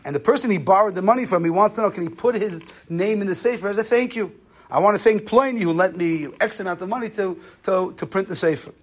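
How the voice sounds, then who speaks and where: A man's voice: sits high, fast talker. A man giving a conversational Torah lesson on Jewish law, telling stories and using Yiddish and Hebrew terms. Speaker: rabbi lecturer.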